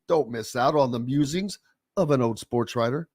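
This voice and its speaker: A man's voice: a little high, lively intonation, moderate pace. A man hosting a sports radio show, chatting casually and animatedly with a guest.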